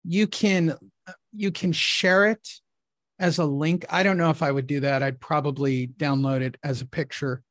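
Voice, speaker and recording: Interview host, enthusiastic, promotional, middle pitch, dry close recording. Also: fairly even intonation, moderate pace, no room sound. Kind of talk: casual conversational interview.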